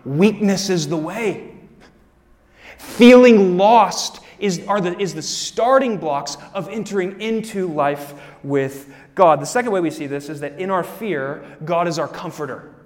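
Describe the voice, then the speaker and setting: A male pastor preaching a live sermon, animated, acting out his listeners' voices and rushing through asides. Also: sits high, big-room sound. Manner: animated, acts out congregants' voices, speeds up on asides. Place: church sanctuary.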